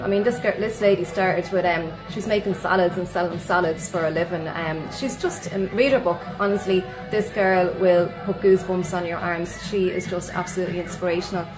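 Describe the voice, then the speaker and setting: Bubbly Irish woman giving shout-outs. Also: on the low side, poor audio. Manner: bubbly, laughs often, effusive. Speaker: guest, sleep coach. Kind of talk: chatty live interview with shout-outs to viewers.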